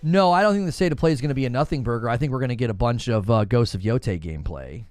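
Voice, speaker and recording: Animated gaming news streamer man. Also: mid-range voice, rapid-fire, no echo, faint music behind. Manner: animated, talks to chat, mimics others in raised voice. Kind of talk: casual live-stream commentary.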